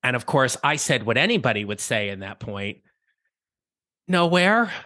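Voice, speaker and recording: A man's voice: medium pitch, brisk, pushed and bright, no echo, clean studio sound. A man hosting a career coaching podcast, telling a personal story in a reflective, conversational way with small restarts.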